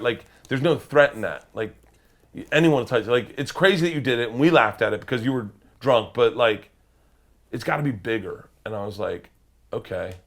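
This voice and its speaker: A middle-aged comedian telling wild stories as a guest, swearing freely and acting out the other people's voices, sometimes shouting. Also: male voice, medium pitch. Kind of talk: animated storytelling.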